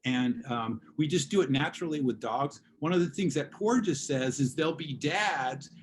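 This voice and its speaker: Casual male teacher lecturing over a video call, animated examples. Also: on the high side, normal speed, background noise. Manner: casual, acts out examples in voices. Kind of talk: online class lecture.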